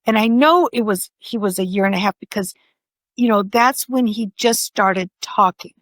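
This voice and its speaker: An older woman, an author, telling personal stories in a conversation with animated expression. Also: medium pitch, normal speed, no echo. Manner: animated, vividly acts out voices in her stories. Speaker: author and podcast guest.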